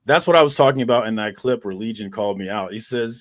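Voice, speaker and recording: A man's voice: mid-range voice, fairly quick, few pauses. A man hosting a casual group chat, ranting with heavy swearing. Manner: profane, ranting.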